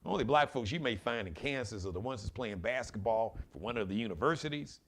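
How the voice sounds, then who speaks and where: A man's voice: medium pitch, expressive, fairly quick. A man hosting his own live commentary show, talking in an impassioned, preachy way and urging his listeners directly. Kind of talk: opinionated solo commentary.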